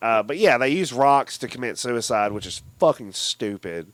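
On an informal film podcast recorded dry, a co-host with a mid-range voice talks at normal speed. He curses liberally and animatedly reenacts scenes with mocking impressions.

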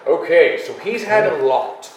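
A man's voice: a little high, very animated, measured pace, roomy sound, poor audio. A man playing a tabletop game in character, bossy and theatrical, calling others boy. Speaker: player.

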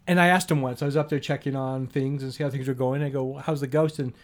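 A man's voice: mid-range voice, steady tone, fast. A man telling a long story to a listener in casual conversation, acting out the dialogue with lots of "she goes" and "I go.".

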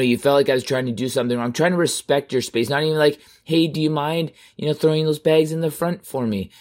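A male podcast host talking straight into a studio mic. He tells his stories in a loose, animated way and swears freely. His voice sits at an everyday middle pitch. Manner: profane, animated storytelling. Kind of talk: casual podcast monologue. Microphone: studio microphone.

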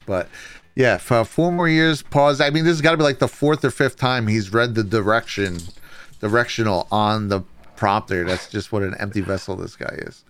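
Give me a chatty male livestream host with a crisp voice, tossing off casual remarks between viewer comments. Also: on the low side, brisk, a bit bright. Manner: chatty, laughs often, says dude a lot. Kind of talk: casual political chat.

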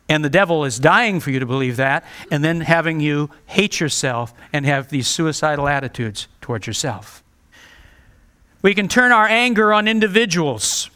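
A man's voice: a little high, animated, moderate pace, sharp tone, clean tone. A male pastor preaching a sermon, earnest and direct, pleading with his listeners.

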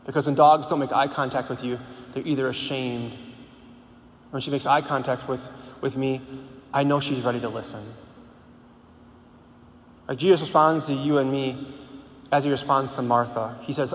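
A man's voice: mid-range voice, steady tone, moderate pace, pauses often. Man preaching casually in a reverberant hall. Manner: conversational, frequent "like", repeats words, rhetorical questions. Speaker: speaker at a Catholic gathering. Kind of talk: informal sermon. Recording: long hall reverb, faint background noise.

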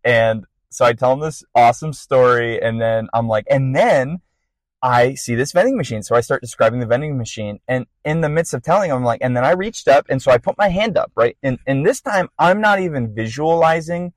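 A young man hosting a podcast, telling a personal faith testimony in a casual, rambling way with bursts of excitement. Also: mid-range voice, brisk, dry recording, rough recording. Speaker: podcast host.

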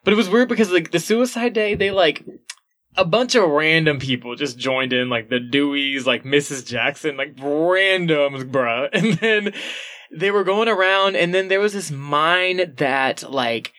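A fairly high-voiced man co-hosting a podcast. He talks in a loose, animated way, full of fillers and quick laughs. It sounds like a relaxed book chat between friends. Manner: chatty, animated, laughs often, filler-heavy. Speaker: podcast co-host. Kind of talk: casual book discussion.

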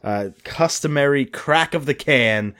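A man's voice: mid-range voice, unhurried, a bit bright. A man co-hosting a podcast, chatting casually and rambling, laughing easily. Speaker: podcast co-host. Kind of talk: casual chat.

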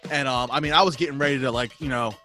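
A man telling a story in casual chat, animated, laughing often and swearing freely. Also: medium pitch, racing, over loud music.

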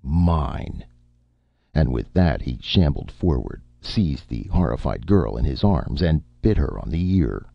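A man narrating an audiobook story in a steady, measured storytelling voice. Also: rumbling low, gravelly, no echo, dull audio. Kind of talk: scripted narration.

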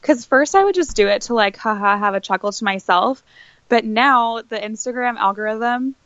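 A woman's voice: fairly high pitch, normal speed, fairly bright tone, no room sound. Woman, podcast guest, giggly, easygoing chat, dry muffled recording. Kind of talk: casual chat.

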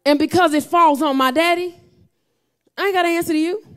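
A woman preaching a sermon, talking with her congregation and building to shouts. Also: extremely high pitch, brisk.

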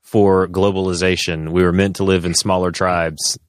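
A man co-hosting a podcast, talking in a casual, rambling, animated way with frequent restarts. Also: deep voice, normal speed, clean tone, no echo, clean studio sound. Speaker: podcast co-host.

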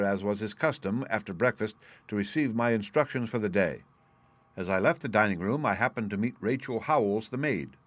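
A man narrating a classic story in the first person, reading in a measured, formal way. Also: fairly low pitch, dry recording. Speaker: audiobook narrator.

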